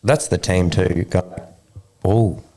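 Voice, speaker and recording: A man's voice: low-pitched, slow pace, mellow. A man co-hosting a podcast, a team leader who chimes in with dry quips during casual chat. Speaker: podcast co-host.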